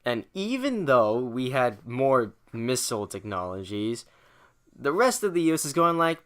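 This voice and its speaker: Young man, bright, forceful tone; casual profane history recap with mock quotes. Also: mid-range voice, big pitch swings, a little slow, smooth. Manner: irreverent and profane, acting out quotes in mock voices; hesitant, with fillers and restarts. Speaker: student summarizing history chapters. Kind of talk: casual spoken chapter recap.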